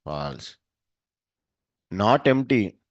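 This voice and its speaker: A man's voice: fairly low pitch, sing-song, drawn-out words, dry recording. A male programming teacher, running a class by asking short questions and answering them himself. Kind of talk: live coding class. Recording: dull, dry lo-fi sound.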